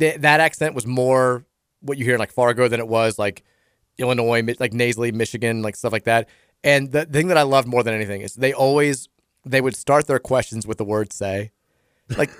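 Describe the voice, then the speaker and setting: A man's voice: mid-range voice, no room sound, studio quality. A middle-aged man from Kentucky with a subtle Southern accent, co-hosting a radio show and rambling through stories with lots of restarts. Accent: Southern American, subtle. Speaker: radio co-host. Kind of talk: casual chat.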